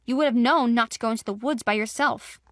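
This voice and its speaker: A woman's voice: on the high side, fast, fairly bright tone, no room sound, clean studio sound, lightly acted. A woman voicing a protective young male cousin who scolds like an annoyed older brother. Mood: scolding.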